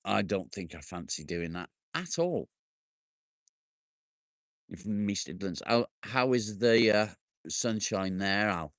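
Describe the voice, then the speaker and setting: A man with a lowish voice chats with viewers on a live stream from outdoors in his garden. He banters, jokes and swears casually as he answers comments. The sound is close and dry. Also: lively intonation, slow pace, long pauses, no room sound. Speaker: livestream host.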